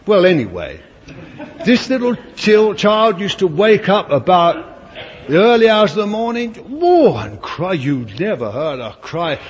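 Older preacher, anecdotal sermon, animated pitch, dull hall recording. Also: male voice, unhurried. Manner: chatty, anecdotal, playful asides. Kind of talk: storytelling sermon. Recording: dull old recording in a reverberant hall with faint hiss.

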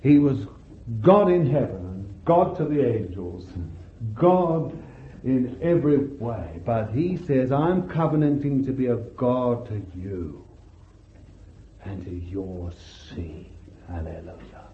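A man preaching a sermon with fervor, calling out hallelujahs and swinging between loud bursts and hushed words. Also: medium pitch, very animated, a little hiss or hum. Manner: slow deliberate delivery, stretching key words. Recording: echoey hall, tinny lo-fi sound.

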